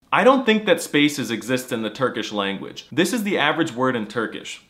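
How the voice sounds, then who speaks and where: Snarky man with a lively voice. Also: mid-range voice, brisk, hardly any pauses. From United States. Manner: mock-serious, exaggerated, snarky. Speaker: comedy language creator. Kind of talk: scripted comedic monologue.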